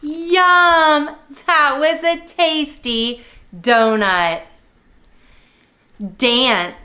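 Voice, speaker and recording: A woman's voice: high voice, big pitch swings, drawn-out words, sharp tone. A young woman teaching preschoolers, prompting little kids in a cheerful sing-song way. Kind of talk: children's lesson video.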